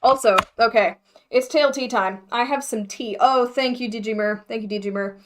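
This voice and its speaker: A woman's voice: a little high, normal speed, a little hiss or hum. Chatty young woman thinking aloud. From United States. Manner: chatty, scattered, laughs often, thinking aloud. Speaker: mermaid vlogger livestreaming. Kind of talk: casual livestream chat.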